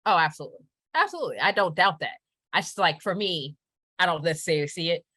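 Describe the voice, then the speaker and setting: A woman in casual chat, opinionated and quick to laugh. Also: on the low side, bright, forceful tone, slightly rough, dry recording.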